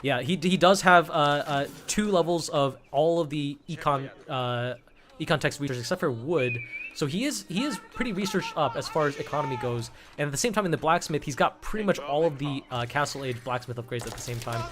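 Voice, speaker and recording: With music running underneath, a man casts a strategy game tournament live in a relaxed, meandering way, frequently restarting words. His pitch is a little high and his pace fairly quick.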